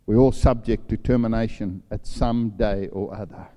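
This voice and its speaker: A man's voice: lowish voice, fairly even intonation, moderate pace, few pauses, dark tone. An older man preaching a sermon, telling a personal story and acting out the voices in it. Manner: storytelling, acts out voices in his anecdotes. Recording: long hall reverb.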